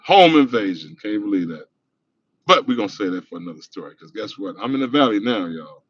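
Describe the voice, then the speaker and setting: A man's voice: fairly low pitch, very animated, fairly quick. Middle-aged male streamer, laid-back and profane, muffled lo-fi sound, talking while driving. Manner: loose, profane, laughing storytelling. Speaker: livestream host. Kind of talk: casual storytelling livestream.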